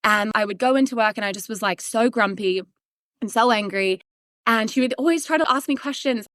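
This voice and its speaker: A woman in her thirties tells her story as a podcast guest, bright and animated. Her voice sits a little high, and she laughs often and plays out her past remarks. The sound is dry and close. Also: fairly quick, dry recording. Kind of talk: storytelling in a casual interview.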